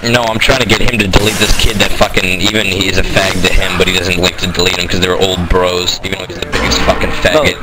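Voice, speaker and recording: A man's voice: low voice, little pitch movement, quick pace, hardly any pauses, over loud music, rough recording. A man ranting angrily over gaming voice chat, swearing constantly. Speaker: gamer in voice chat.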